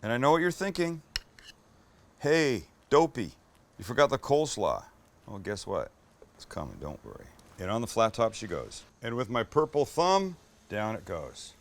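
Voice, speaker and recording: A man's voice: lowish voice, wildly swooping pitch, normal speed, vocal fry, fairly bright tone. A middle-aged man hosting a cooking show, talking casually and enthusiastically while he cooks, cracking jokes and swearing a little. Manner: enthusiastic, joking, mildly profane. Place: kitchen with a flat-top grill.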